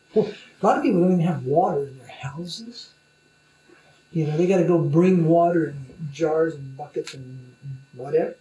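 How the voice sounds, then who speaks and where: A man's voice: high-pitched, creaky, warm tone, reverberant, rough recording. A man who is a spiritual teacher, talking informally in loose, rambling speech with many fillers. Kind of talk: informal conversation.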